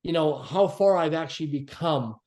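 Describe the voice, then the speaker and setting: A man as a podcast guest, telling a personal story in an earnest, reflective way and slowing down to stress key phrases. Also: on the high side, a little mellow. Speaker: podcast guest, author and speaker.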